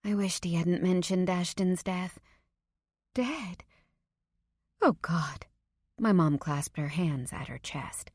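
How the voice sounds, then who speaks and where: A woman's voice: lowish voice, darkish tone, no room sound, studio quality. A woman reading a first-person romance audiobook, giving the characters' dialogue emotion. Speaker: audiobook narrator.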